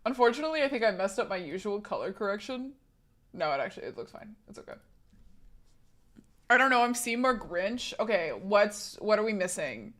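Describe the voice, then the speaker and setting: A young woman streaming live, chatting casually in a giggly, chaotic way with loud outbursts. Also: mid-range voice, lively intonation, fairly quick.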